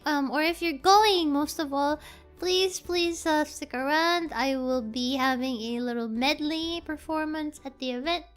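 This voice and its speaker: Very high-voiced woman, tired and playful. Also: fairly bright tone. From Philippines. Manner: playful, rambling, reads chat aloud. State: tired, half asleep. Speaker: VTuber streamer. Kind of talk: casual chat stream.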